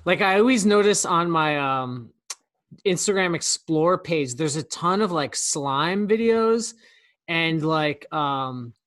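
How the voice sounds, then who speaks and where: A man's voice: a little high, expressive, slow pace, fairly bright tone. A man co-hosting a podcast in casual chat, rambling with lots of fillers. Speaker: podcast co-host.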